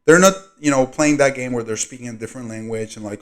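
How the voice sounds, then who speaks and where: Rambling man with frequent throat clearing. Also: mid-range voice, fast. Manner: rambling, frequent throat clearing and fillers, loudness rising and falling. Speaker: video host. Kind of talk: reading a diary aloud with commentary.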